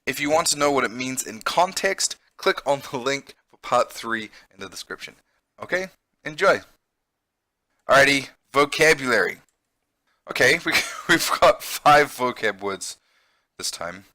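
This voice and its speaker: Bright-voiced man teaching vocabulary. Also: medium pitch, expressive, a little slow, dry recording. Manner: patient explaining, checks in with frequent "okay?". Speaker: English teacher. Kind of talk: vocabulary lesson.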